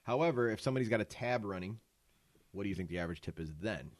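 A man's voice: on the low side, animated, rapid-fire, no echo. A man co-hosting a podcast in casual chat, quizzing the others and steering the talk. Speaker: podcast co-host.

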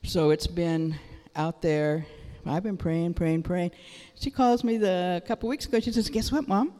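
A woman's voice: lowish voice, a little slow. Woman preaching in an echoing hall. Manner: animated, exclaiming. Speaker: church speaker. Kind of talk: sermon testimony. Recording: long reverb of a large hall.

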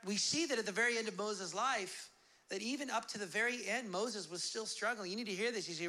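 A man preaching a sermon as pastor, casual and animated, acting out the voices of God and his listeners. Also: sits high, a little fast. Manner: casual, conversational preaching with fillers.

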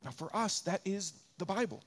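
A man preaching a sermon as pastor, repeating phrases for rhythm and dropping from loud peaks to quiet asides. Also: sits high, expressive, normal speed. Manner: conversational and joking, acts out little quoted voices.

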